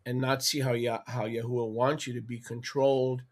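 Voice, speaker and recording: A man's voice: medium pitch, flat delivery, fairly quick. Male co-host, supportive, restates and sums up points in a faith talk. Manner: affirming, echoes and sums up the other speaker. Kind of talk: religious discussion.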